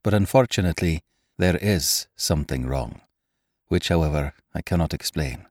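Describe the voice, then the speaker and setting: A man's voice: extremely low pitch, animated, moderate pace, darkish tone, no echo, clean studio sound. A man voicing an earnest, eager young man in an audiobook reading. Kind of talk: audiobook character voice.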